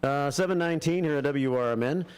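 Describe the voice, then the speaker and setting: A middle-aged man hosting a morning radio show, chatting casually with fillers and pauses. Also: fairly high pitch, clear, resonant tone. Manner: relaxed, halting with fillers.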